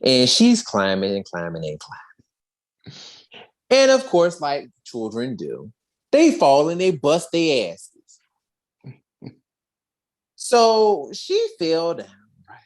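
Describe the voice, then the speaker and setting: A podcast co-host recapping an episode in a casual, animated way, full of slang and acted-out quotes. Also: medium pitch, slow pace, long pauses.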